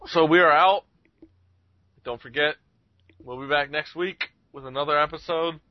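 A man's voice: on the high side, moderate pace, no room sound. A man co-hosting a podcast, chatting casually, joking and swearing. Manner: joking, profane, laughing often. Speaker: podcast co-host. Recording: dry, muffled podcast recording.

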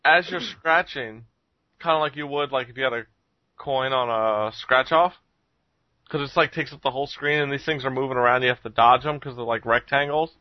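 A man's voice: mid-range voice, a little fast, no room sound, highs cut off. A man hosting a casual podcast chat, rambling with lots of ums and frequent chuckles. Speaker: podcast host reviewing games.

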